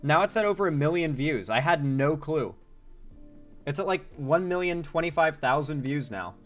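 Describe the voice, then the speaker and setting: Lively, higher-voiced male streamer. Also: brisk, faint music behind. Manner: animated, joking, swears casually. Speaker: political commentary streamer. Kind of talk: live stream reading chat aloud.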